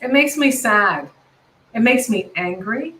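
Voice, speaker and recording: Heard through a low-quality recording, a middle-aged American comedian guest speaks with a slightly high, sharp voice, lively intonation and a measured pace. It's a casual video-call conversation in which she rambles passionately, full of self-corrections.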